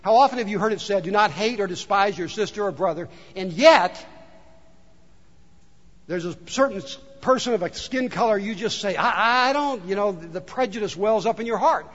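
High-voiced male pastor in an echoing hall. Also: fairly quick. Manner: questioning, conversational preaching with rhetorical questions. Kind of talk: sermon. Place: church sanctuary. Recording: dull recording in a large reverberant hall.

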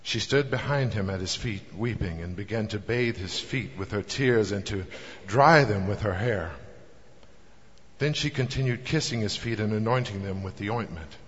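Guy reading scripture slow and solemn, echoey hall, kinda muffled. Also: lowish voice. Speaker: scripture reader. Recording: dull, long reverb in a hall.

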